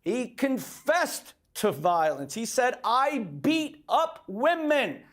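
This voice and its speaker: Middle-aged man, impassioned debate guest, insistent and forceful. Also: very high voice, very animated, slow pace. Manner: emphatic, repeatedly demands to respond. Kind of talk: heated debate.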